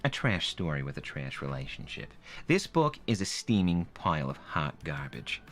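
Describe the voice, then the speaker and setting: A man's voice: very deep voice, very animated, normal speed, fairly bright tone, pitched below the performer's own voice, heavily acted. A man voicing a sassy, fed-up woman book reviewer as a comedic dramatic reading, theatrical and exasperated. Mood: mock grave.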